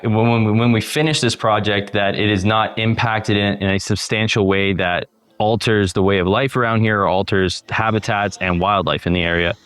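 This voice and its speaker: A man speaking as an environmental supervisor in an interview clip, careful and halting as he explains. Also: lowish voice, fairly bright tone, smooth.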